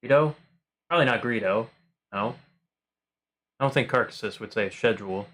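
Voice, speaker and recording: A man hosts a livestream, chatting casually and playfully with viewers while rambling, repeating phrases and saying um often. His voice is mid-range and a bit bright, at normal speed.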